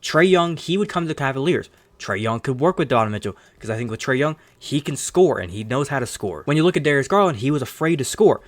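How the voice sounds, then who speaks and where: A man's voice: medium pitch, lively intonation. A man hosting his own sports channel, giving rambling, opinionated commentary in a casual tone and swearing now and then. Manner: fast rambling opinionated talk with some cursing.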